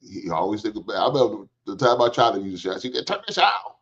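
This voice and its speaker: A man's voice: lowish voice, very fast, slightly rough. A middle-aged man, hosting a livestream in casual, joking storytelling chat and swearing freely. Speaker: livestream host. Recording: dull lo-fi stream audio.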